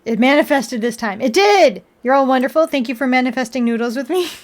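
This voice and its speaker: A woman with a slightly higher voice chats to her live-stream audience from home while she builds a model kit. She talks casually, laughs often, and plays out her own exasperated replies as she tells the story. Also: sing-song, a little fast. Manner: chatty, laughs often, acts out her own frustrated retorts. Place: indoors at home.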